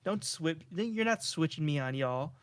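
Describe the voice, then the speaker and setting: A man's voice: a little high, animated, a little slow, fairly bright tone, smooth. A young man co-hosting a casual podcast chat, teasing his friend and laughing along easily. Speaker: podcast co-host.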